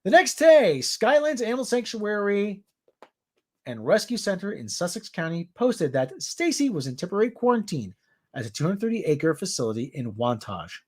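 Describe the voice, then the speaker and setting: A man's voice: sits high, sing-song, moderate pace, a little mellow. A man from the New area, hosting a casual news roundup in a rambling way with jokey asides. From New York area. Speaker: show host.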